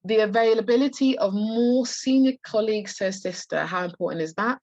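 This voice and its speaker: A woman tutor, hoarse and losing her voice, walks students through practice test answers with many restarts and fillers. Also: mid-range voice, fairly quick, darkish tone, no echo, dull audio. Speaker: medical school admissions tutor. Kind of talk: live online practice test walkthrough.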